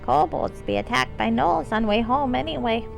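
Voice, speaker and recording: A woman voicing a timid, fawning male kobold bard who talks in broken grammar and refers to himself by name, in a high squeaky voice. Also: moderate pace, vocal fry, faint music behind, low-quality recording. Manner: high squeaky voice, some lines strained and out of breath. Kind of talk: live game-stream character voicing.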